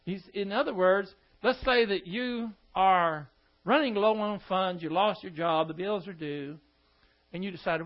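A man's voice: high-pitched, lively intonation, unhurried. A man preaching a sermon, firing rhetorical questions at his listeners and dropping scornful asides. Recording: dull lo-fi recording.

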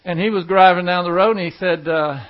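A pastor with a high-sitting voice moves briskly through casual, rambling stories for his congregation, chuckling as he goes. It's a dull, low-fidelity recording.

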